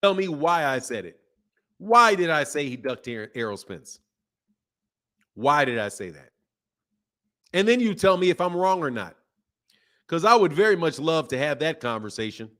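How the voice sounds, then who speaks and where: Casting note: slangy, emphatic male stream host, slightly higher-pitched, laughing and riffing loosely. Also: big pitch swings, normal speed, long pauses, sharp tone. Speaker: boxing channel host. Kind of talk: casual live-stream chat reading viewer comments.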